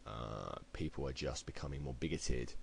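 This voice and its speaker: A man's voice: very deep voice, animated, moderate pace, vocal fry, a little hiss or hum, poor audio. A British man delivering a heated, blunt opinion rant to camera, swearing freely. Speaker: video blogger. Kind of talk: ranting opinion commentary.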